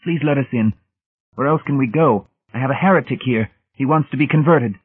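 A man's voice: mid-range voice, fairly quick, slightly rough, no echo, voice pushed up, close to an everyday voice. A man voicing a distraught grown man who pleads and begs, raised well above his own narrating voice. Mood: pleading. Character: anguished grown man, a lost believer pleading. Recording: tinny phone-like band.

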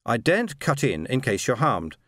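A man's voice: medium pitch, very animated, moderate pace, fairly bright tone, no room sound, clean studio sound. A man voicing a brusque, powerful machine intelligence that speaks through robots, reading a story. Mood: cool.

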